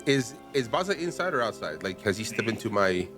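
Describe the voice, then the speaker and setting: Calm man playing a tabletop game. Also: fairly low pitch, fairly quick, faint music behind. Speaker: player. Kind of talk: casual tabletop game talk.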